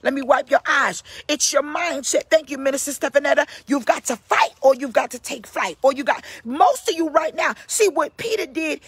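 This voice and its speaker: A woman pastor preaching an impassioned sermon in a husky voice, at times bursting into shouts. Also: high voice, animated, moderate pace, few pauses, no room sound. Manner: impassioned, calls listeners baby, bursts into shouts. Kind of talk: fiery sermon.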